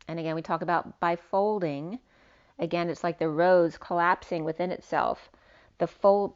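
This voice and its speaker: A woman's voice: fairly low pitch, fairly even intonation, moderate pace, clear, resonant tone. A woman giving a rambling tarot reading, free-associating through wordplay. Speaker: tarot reader. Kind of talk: spiritual tarot reading monologue. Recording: dull lo-fi sound.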